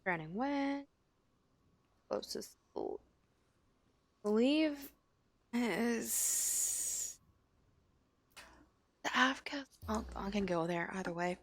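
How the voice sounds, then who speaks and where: A woman streaming a game, thinking aloud and often trailing off quietly. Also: a little high, expressive, extremely slow, long pauses, slight background noise. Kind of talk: casual gameplay commentary.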